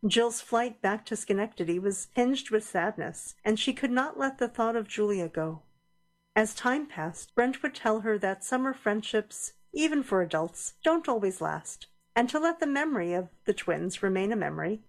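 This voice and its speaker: A woman narrates an audio drama in a measured, deliberate way. Her voice sits at an average pitch.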